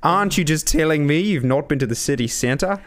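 A brash, swearing Australian surfer bloke, as a man puts him on, loud and blokey in a put-on Australian accent. The pitch swings widely from line to line. It is comic podcast improv. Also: animated, brisk, close to an everyday voice. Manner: swears freely, crude.

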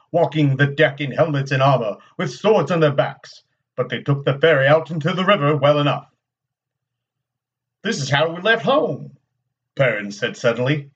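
Male reader, slightly high voice, dull lo-fi recording, steady storytelling pace. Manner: steady storytelling read with quoted dialogue. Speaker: guest reader. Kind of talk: reading a novel aloud.

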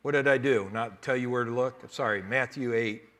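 Guy pastor preaching, bright voice, gets loud then drops quiet, laughs a lot. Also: mid-range voice, brisk. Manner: swings between loud preaching and quieter explaining; laughs often. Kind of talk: sermon.

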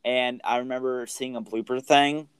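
A man's voice: mid-range voice, fairly even intonation, moderate pace, clear, resonant tone, no room sound, low-quality recording. A man casually recapping a film's plot as a podcast co-host, rambling with many fillers. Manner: rambling, filler-heavy storytelling.

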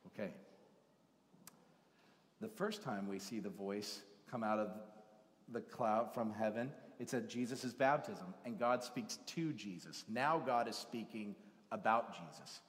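A man's voice: on the low side, measured pace. Man preaching in a reverberant hall. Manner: animated, acts out biblical voices, swings from loud to hushed. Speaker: pastor. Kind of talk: sermon. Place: church sanctuary. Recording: long church hall reverb.

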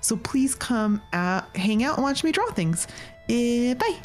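A woman player and art streamer chatting casually and brightly. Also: fairly high pitch, big pitch swings, measured pace, faint music behind. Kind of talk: casual chat.

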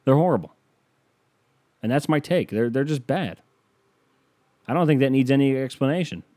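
A man's voice: mid-range voice, moderate pace, dark tone, dry recording, clean studio sound. A man hosting a podcast, delivering a sarcastic, ranting comedic monologue and acting out the people he quotes. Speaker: podcast host.

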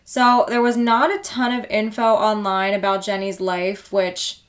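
A woman's voice: mid-range voice, fairly even intonation, a little slow. A young woman co-hosting a casual podcast, chatty, laughing often and swearing casually. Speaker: podcast co-host. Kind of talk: casual chat.

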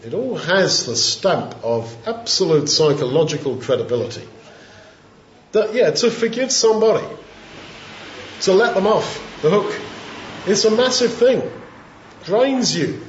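A man giving an informal, reflective Bible teaching in a conversational way, pausing with fillers as he thinks. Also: high-pitched, lively intonation, a little hiss or hum. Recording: roomy, dull lo-fi sound.

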